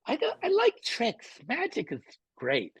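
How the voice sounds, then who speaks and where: A man doing a squeaky mocking comedian's inner voice. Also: huge pitch swings, measured pace, slightly rough, no room sound, exaggerated voice.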